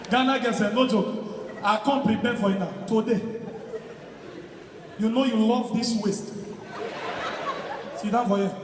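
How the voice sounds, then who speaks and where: A man with a Nigerian accent doing live stand-up, telling stories in Pidgin with loud, animated delivery and shouted punchlines. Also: very high voice. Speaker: stand-up comedian. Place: large hall with live audience. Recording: echoey hall recording from far off, crowd noise.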